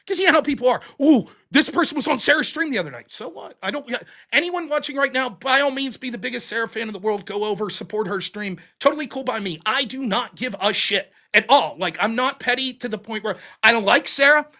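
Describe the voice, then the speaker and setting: A man's voice: extremely high pitch, animated, fast talker, hardly any pauses, pushed and bright. A man talking casually as a guest, telling a story in a blunt and profane way. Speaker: guest streamer and debater. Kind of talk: casual podcast conversation.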